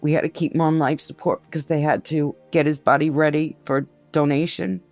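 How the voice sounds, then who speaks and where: A woman in her sixties slowly recounting a painful personal memory in an interview, often quoting what others said. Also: deep voice, fairly even intonation, a little mellow, faint music behind. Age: 60s. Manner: slow, grief-laden retelling, quoting others' words. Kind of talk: personal testimony.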